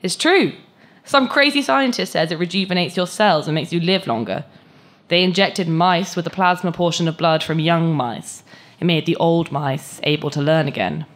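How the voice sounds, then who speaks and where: A woman reading aloud, voicing a scornful, sharp-tongued young woman. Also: on the low side, moderate pace, lightly acted.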